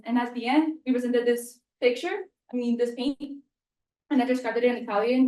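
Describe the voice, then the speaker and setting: Young woman from Mexico, student presenter, casual and self-deprecating, slightly high voice, recorded at a distance in an echoey room. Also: a little mellow. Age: young adult. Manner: chatty, filler-heavy and self-deprecating. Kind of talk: spoken end-of-year presentation. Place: room at a university.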